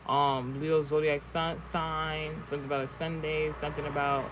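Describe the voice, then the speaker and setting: Man streamer, fairly high voice, casual rambling storytelling, heavy swearing, faint background noise. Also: level tone, moderate pace. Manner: rambling, profane, many restarts. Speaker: online streamer. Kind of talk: casual storytelling and card reading.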